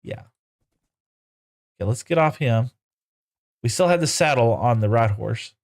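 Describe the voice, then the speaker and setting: A man's voice: mid-range voice, lively intonation, measured pace. Chatty man streaming a game. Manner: chatty, talks to the animals in playful broken baby-talk; answers chat messages aloud while playing. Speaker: live streamer. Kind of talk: casual gameplay live stream.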